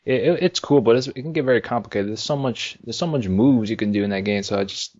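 A man co-hosting a casual podcast chat about video games, rambling and halting with many fillers. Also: medium pitch, darkish tone. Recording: dull lo-fi sound.

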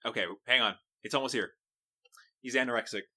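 A man's voice: mid-range voice, steady tone, a little fast, pushed and bright. A man brainstorming story ideas in casual chat, easygoing, laughing a lot and tripping over his words.

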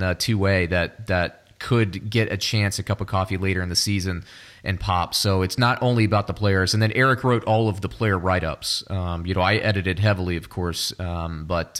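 Low-voiced, rambling podcast host man. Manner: relaxed, rambling, filler-heavy. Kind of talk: casual podcast chat.

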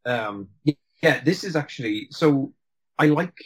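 Husky guy rambling about a movie, lots of restarts, laughs a lot. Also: mid-range voice, lively intonation, measured pace, rough recording. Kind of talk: casual film discussion.

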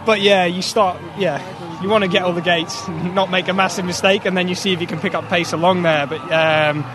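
A man's voice: high voice, steady tone, brisk. A man, an Olympic canoeist, talking casually and rambling in an interview outdoors at a whitewater course. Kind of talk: post-race interview. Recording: noisy outdoor field recording.

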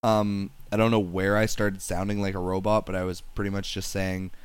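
A man's voice: low-pitched, flat delivery, fairly quick, smooth, dry recording. A young man chatting casually about games over an online voice call, rambling with many fillers and restarts. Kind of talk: casual gaming chat.

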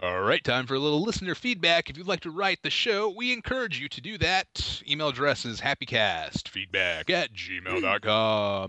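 A man's voice: medium pitch, expressive, moderate pace, hardly any pauses, sharp tone, no room sound. A male podcast co-host chatting casually and joking around, slipping into silly voices. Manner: jokey, slips into silly put-on voices. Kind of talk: casual comedic chat.

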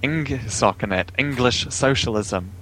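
A man's voice: mid-range voice, unhurried, pushed and bright, slight background noise, rough recording. A man with a New Zealand accent, a guest talking casually in an interview over a remote call, easygoing and chuckling often. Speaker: guest, vegan activist.

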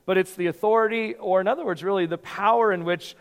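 Conversational pastor in a reverberant hall. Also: male voice, high-pitched, fast, smooth. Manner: conversational, repeats words while thinking. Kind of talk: sermon. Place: church sanctuary.

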